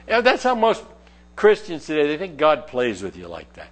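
A man's voice: on the high side, normal speed, long pauses. A man preaching a sermon, reading scripture aloud and then explaining it in chatty, joking asides. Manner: animated, jokes and laughs with listeners. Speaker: pastor.

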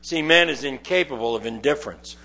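A man's voice: medium pitch, lively intonation, brisk, creaky, bright, forceful tone. A middle-aged man preaching a conversational sermon, reading scripture aloud and explaining it verse by verse. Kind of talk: sermon, Bible teaching.

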